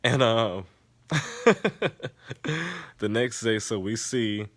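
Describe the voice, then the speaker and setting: A man recapping a TV episode in casual chat, animated and profane, often laughing. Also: on the low side, very slow, dry recording. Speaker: TV episode reviewer. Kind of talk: casual recap with acted-out quotes.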